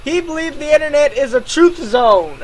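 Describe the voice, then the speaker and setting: A man ranting angrily about another creator, swearing nonstop and breaking into shouts. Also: very high-pitched, lively intonation, moderate pace. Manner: swears constantly, swings into shouting and laughing disbelief. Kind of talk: angry reaction rant.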